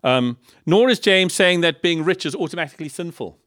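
A man's voice: fairly high pitch, a little fast, no room sound. Guy preaching, tons of rhetorical questions and little jokes, dry close sound. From South Africa. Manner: lively, rhetorical questions and humorous asides. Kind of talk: sermon. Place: church in Liverpool.

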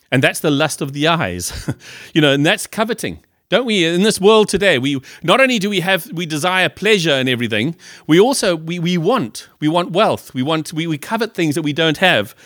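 A man's voice: on the high side, fairly bright tone, no echo, clean studio sound. Chatty middle-aged male preacher. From Liverpool, England. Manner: conversational with many restarts and fillers; asks the congregation questions. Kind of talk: sermon.

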